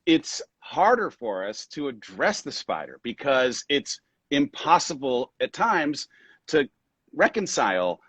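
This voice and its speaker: A man's voice: mid-range voice, sing-song, slow, fairly bright tone, slightly rough, no echo. A man hosting a live video call interview, asking questions and affirming his guest with enthusiasm. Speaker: host. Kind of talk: casual conversation.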